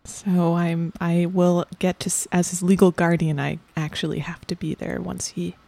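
A woman playing the weary guardian of a child performer, talking haltingly with many ums and sometimes dropping to a whisper. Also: on the low side, flat delivery, creaky, mellow, no room sound. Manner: halting and hesitant, full of ums, drops to a whisper. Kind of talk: improvised comedy interview character.

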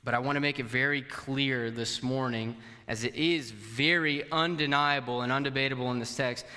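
A Portuguese-speaking pastor, a native speaker of the language, delivers a conversational sermon in a church hall, asking his congregation questions. His medium-pitched voice is sharp, fairly even in intonation, and moderately paced, with long hall reverb on the recording.

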